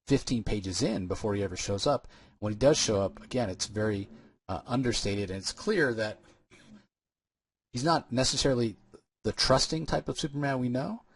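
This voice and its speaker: Male podcast co-host, low husky voice, dry close sound, rambling casual recap. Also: no echo. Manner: rambling retelling with many fillers and restarts. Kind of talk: casual comic book breakdown chat.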